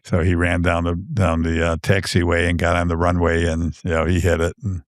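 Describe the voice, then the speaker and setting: A man with a very low, deep voice tells meandering stories as a podcast guest. He restarts often and fills the gaps with "uh" and "you know". The studio sound is dry and close. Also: monotone, fairly quick, dry recording. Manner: rambling storyteller, many restarts and fillers. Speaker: author guest. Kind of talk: casual podcast chat.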